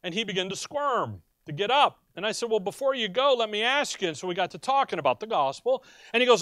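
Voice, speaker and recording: A man's voice: sits high, fast talker, no room sound, studio quality. A male pastor preaching a sermon to his congregation, asking them questions and telling personal stories. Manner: animated, asks the congregation questions. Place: church.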